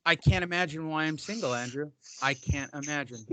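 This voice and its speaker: A man's voice: fairly high pitch, a little fast, sharp tone, no room sound. A man hosting a casual podcast, joking and self-mocking. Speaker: host.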